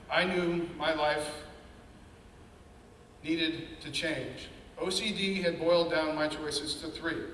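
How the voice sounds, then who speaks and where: A man with a fairly high voice tells his own story with earnest candor, acting out the anxious voices in his head. He sounds set back from the mic. A long hall reverb and a faint room hum hang around every word. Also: a bit bright. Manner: candid, earnest storytelling with quoted inner voices. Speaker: speaker sharing his story. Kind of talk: personal testimony talk. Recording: echoey hall, mic at a distance.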